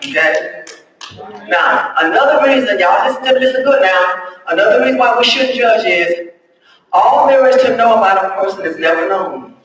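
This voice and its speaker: A woman pastor preaching a sermon in a conversational way, now and then breaking into loud, emphatic lines. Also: mid-range voice, expressive, normal speed. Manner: conversational preaching, acts out prayers. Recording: echoey hall, voice far from mic.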